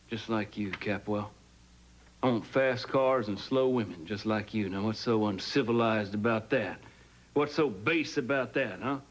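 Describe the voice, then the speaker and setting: An actor playing a boastful, folksy alter ego with a Southern US accent in a soap opera. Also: male voice, medium pitch, a bit bright, close to an everyday voice, poor audio. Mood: taunting. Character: brash crude Southern alter ego, grown man.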